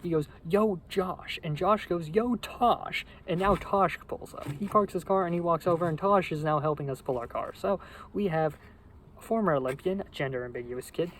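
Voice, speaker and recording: A young man telling a rambling, funny story in a casual, deadpan, profane way. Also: a little high, fairly quick, slight background noise, rough recording. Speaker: vlogger.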